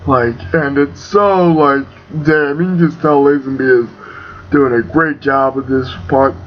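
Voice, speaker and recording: A young man giving an excitable, casual film review, full of fillers and swearing. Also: on the high side, takes it slowly. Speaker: movie reviewer. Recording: dull lo-fi home recording with faint hiss.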